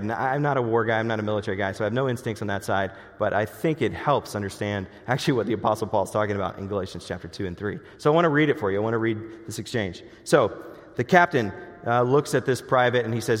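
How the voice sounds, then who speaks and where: A man preaching a sermon as a pastor in an earnest way, slowing down on key words and often restarting his sentences. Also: on the low side, long reverb tail.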